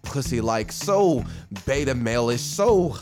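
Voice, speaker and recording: Animated, laughing podcast host man. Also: slow pace, music in the background. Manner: loud, laughing, swings pitch up and down. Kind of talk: casual profane podcast banter.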